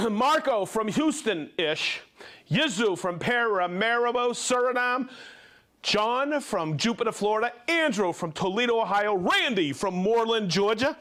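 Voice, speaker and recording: A man's voice: high voice, animated, measured pace, bright, forceful tone. A man hosting a company live stream, reading out viewer names in an upbeat, casual way. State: out of breath. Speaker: livestream host. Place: company headquarters studio.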